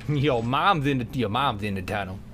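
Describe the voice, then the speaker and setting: A young man commentating a video game as he plays, goofy and joking, bursting into shouts. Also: mid-range voice, normal speed, slight background noise. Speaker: gameplay commentator. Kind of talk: let's play commentary.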